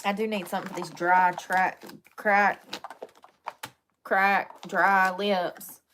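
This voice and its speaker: Young woman, casual vlogger, joking and candid, mid-pitched. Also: flat delivery, takes it slowly, background noise. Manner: chatty, joking, confessional, laughs often. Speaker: vlogger doing makeup, chatting with viewers. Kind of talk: casual live-stream chat.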